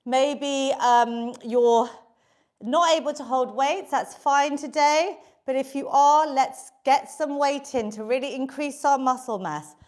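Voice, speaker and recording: A high-voiced British woman coaches an online workout class from home, bright with encouragement as she counts down reps. She sounds a little out of breath while she exercises along. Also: takes it slowly. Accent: British English. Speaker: fitness instructor.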